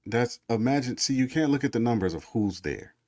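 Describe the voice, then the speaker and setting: A man's voice: mid-range voice, lively intonation, fairly quick, a little mellow, no room sound, clean studio sound. A man guest in a casual interview, talking in a laid-back, encouraging way.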